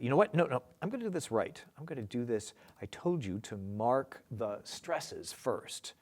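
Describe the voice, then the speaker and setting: A man's voice: fairly low pitch, normal speed, few pauses. A man teaching a lesson on lyric scansion, chanting stresses and rhythms aloud as he marks them. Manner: lively, sing-song demonstration of rhythms.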